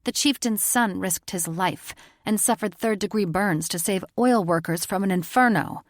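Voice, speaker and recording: A proud young woman doctor stands her ground and speaks with indignant defiance, voiced by a woman narrating an audiobook. Her voice is slightly raised and has a gravelly texture. The recording is dry and close. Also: fairly high pitch, lively intonation, a little slow, no room sound, pitched above the performer's own voice. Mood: defiant.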